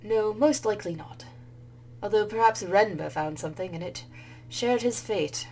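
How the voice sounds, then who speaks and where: Stern woman professor, impatient and demanding, read by a woman, gravelly edge. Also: medium pitch, normal speed, mellow, slight background noise, close to an everyday voice, poor audio.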